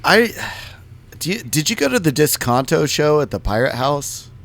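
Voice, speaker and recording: A man's voice: a little high, moderate pace, gravelly. Guy on a podcast, voice jumping all over, keeps cracking up. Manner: animated, giggly storytelling. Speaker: co-host. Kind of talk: casual podcast chat.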